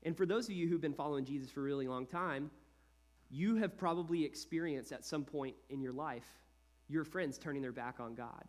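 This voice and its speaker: Man, 30s, pastor, sermon, conversational and animated, fairly high voice. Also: fairly quick. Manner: animated, conversational preaching with frequent "like" and acted-out asides.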